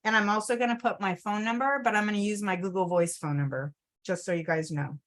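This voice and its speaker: A woman's voice: medium pitch, steady tone, fast, fairly bright tone. A woman teaching a screen-share tutorial at her desktop computer. She talks in a chatty way, keeps calling her viewers "you guys" and checks in with "okay?". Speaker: travel agent trainer.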